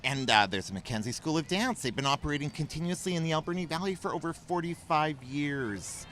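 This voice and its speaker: A man's voice: fairly high pitch, brisk, slight background noise. A man co-hosting live commentary at an outdoor parade, reading out details about each group with some "um"s. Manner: steady, reads details with fillers. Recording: music playing behind.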